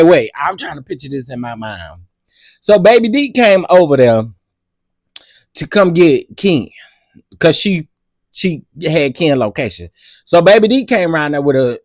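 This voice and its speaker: A man hosts a reaction commentary, his pitch leaping and falling as he exclaims in disbelief. His voice sits a little high for a man. The sound is dry and close. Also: no echo. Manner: animated, exclaiming, drawn-out disbelief. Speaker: commentary channel host.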